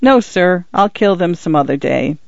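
A man's voice: sits high, animated, normal speed, gravelly, dry recording, lo-fi sound. A man voicing a polite, eager young farm boy in a storybook reading. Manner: polite, says sir.

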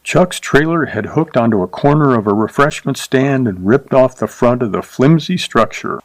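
Male story narrator, mid pitch, dry close sound, steady delivery. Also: moderate pace, dry recording, low-quality recording. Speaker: narrator reading a short story. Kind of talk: scripted audiobook narration.

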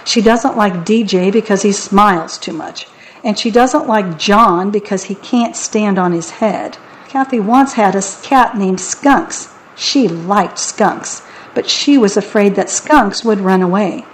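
Slow, wry woman reading a children's book. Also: mid-range voice, slight background noise, low-quality recording. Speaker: narrator. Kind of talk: children's audiobook narration.

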